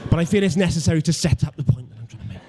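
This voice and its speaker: Young Welsh man on stand-up, mellow voice sitting a bit high, self-mocking, trips over his words. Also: expressive, racing, faint music behind. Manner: self-deprecating, stammering restarts, mock-logical. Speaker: stand-up comedian. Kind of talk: stand-up comedy routine.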